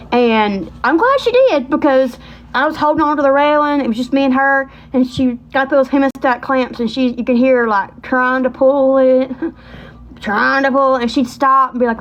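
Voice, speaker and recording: A woman, telling rambling stories in a casual, animated livestream chat. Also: high-pitched, moderate pace, lo-fi sound. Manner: chatty, animated, rambling with Southern colloquialisms. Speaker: livestream host.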